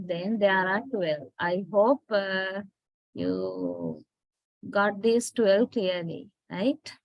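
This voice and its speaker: A woman's voice: on the high side, no room sound. A woman teaching English pronunciation in a lecture, patiently spelling out words and often checking in with her students. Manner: patient, checks understanding with "right?". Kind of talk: slow classroom lecture.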